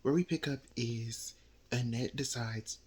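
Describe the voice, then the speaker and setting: A man's voice: medium pitch, measured pace, slightly rough. A young man casually retelling a novel's plot, slipping into quoted lines from the characters. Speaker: book reviewer. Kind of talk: casual book recap. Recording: faint background noise.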